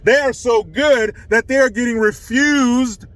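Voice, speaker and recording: Male vlogger, higher pitch, sarcastic and profane ranting commentary. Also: unhurried, a bit bright. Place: California.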